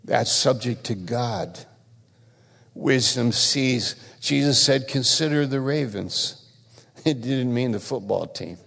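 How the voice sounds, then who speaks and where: Male pastor, unhurried and gravelly, preaching with emphatic repeats and loud stresses in a long-reverb church hall. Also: mid-range voice. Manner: emphatic, repeats phrases, swings between loud stresses and quiet asides. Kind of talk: sermon.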